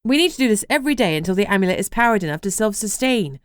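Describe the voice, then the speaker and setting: Woman doing a bossy young witch, brisk and clipped, dry close audiobook sound. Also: medium pitch, big pitch swings, clear, resonant tone, no room sound, lightly acted. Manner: curt and brisk.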